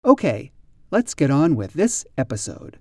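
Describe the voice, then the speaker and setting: A man teaching an English vocabulary lesson, spelling each word slowly and acting out examples. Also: mid-range voice, big pitch swings.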